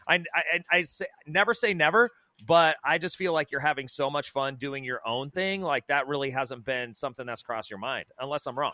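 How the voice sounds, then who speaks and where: Man, podcast host, admiring, rambling, bright voice, dry close recording. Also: mid-range voice, brisk, few pauses, no room sound. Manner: warm, admiring, rambling with repeated words. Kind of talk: casual podcast chat.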